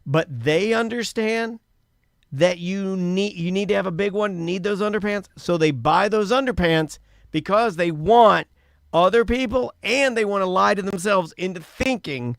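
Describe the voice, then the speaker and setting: Brief: a gravelly male co-host, fairly high voice, mock-serious and emphatic. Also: a little slow, dry recording, studio quality. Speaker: talk show co-host. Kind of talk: casual comedic banter.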